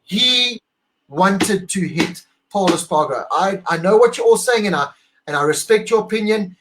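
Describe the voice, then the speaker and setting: A man's voice: high-pitched, lively intonation, moderate pace, noisy background. A man co-hosting a casual motorsport debrief over a video call, emphatic and argumentative, repeating his points. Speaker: co-host.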